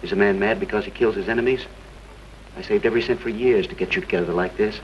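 An actor playing a vengeful man unmasked as the killer, speaking calmly and coldly in a 1930s film. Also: on the low side, natural voice. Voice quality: calm and measured, breaking into mocking laughter. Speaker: villain. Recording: dull, hissy 1930s film soundtrack.

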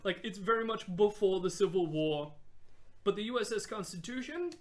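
A woman's voice: mid-range voice, expressive, normal speed, darkish tone. Laughing, enthusiastic young woman explaining history. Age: young adult. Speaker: podcast co-host explaining history. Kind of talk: casual chat.

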